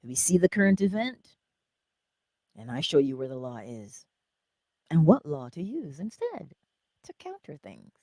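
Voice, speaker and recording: Deep and dark-toned, this woman's voice moves in a sing-song way at a measured pace, with frequent pauses. She's hosting a livestream, laughing often, greeting viewers by name, and chatting casually with a valley-girl manner she herself mentions. There is no echo.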